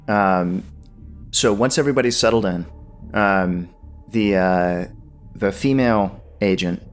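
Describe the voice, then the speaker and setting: A man narrating a tabletop game as game master, unhurried and full of ums and uhs. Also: low voice.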